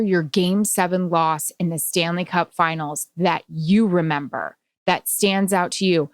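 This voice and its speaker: A woman in her forties co-hosting a podcast, telling stories in casual chat with a slightly nasal, animated delivery. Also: on the low side, unhurried, hardly any pauses, no room sound, studio quality. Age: 40s. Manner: animated storyteller. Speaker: podcast co-host.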